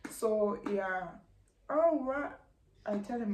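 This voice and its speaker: A young South African woman with a South African accent, telling a personal story in a lively vlog and acting out her relatives' lines. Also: medium pitch, a little slow. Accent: South African English. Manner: animated, acts out relatives' lines, slangy. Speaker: YouTuber. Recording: echoey room, faint background hum.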